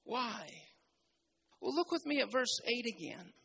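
A preacher delivering a sermon, repeating key phrases and building to loud, emphatic passages. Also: mid-range voice, sing-song, unhurried, creaky, a little hiss or hum, rough recording.

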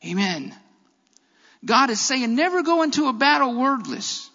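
A man with a strikingly high voice preaches a sermon, driving his points home by repeating key phrases. His words ring out with a long reverb, as if filling a church. The sound is dull and lo-fi. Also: big pitch swings, unhurried, pushed and bright.

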